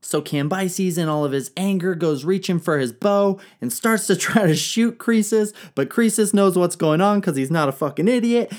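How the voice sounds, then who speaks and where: A woman retelling ancient history in a comedic, irreverent style, full of slang, swearing and jokes. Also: on the low side. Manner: irreverent, profane, slangy, jokey.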